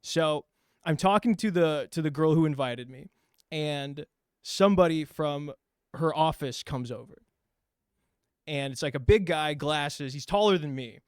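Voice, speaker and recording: A man telling a story in casual chat, acting out each line of dialogue and cursing as he goes. His voice sits a bit high, and the sound is dead dry, right up on the mic. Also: unhurried, clean tone, dry recording. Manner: animated storyteller, acts out quoted dialogue, swears freely. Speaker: podcast host telling a story.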